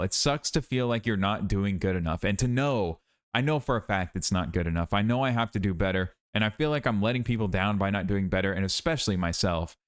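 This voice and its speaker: Worn-out young male YouTuber with a fairly low voice, venting in a rambling, self-critical vlog monologue. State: tired, worn out.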